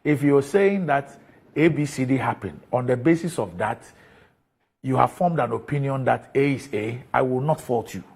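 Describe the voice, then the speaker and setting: Man, TV host, firm, measured, presses for evidence, husky tone, mid pitch. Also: expressive, a little mellow. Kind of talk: live TV interview.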